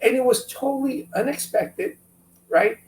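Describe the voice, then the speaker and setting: A man telling a business story in an interview, animated and acting out what friends said. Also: very high-pitched, measured pace. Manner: animated, acts out quotes from friends. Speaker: business owner guest. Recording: echoey room, a bit far from mic, faint hum.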